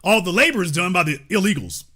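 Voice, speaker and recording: Animated, high-voiced male host. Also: fast talker, breathy edge. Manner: animated, emphatic, profane, addresses chat. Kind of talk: livestream political commentary.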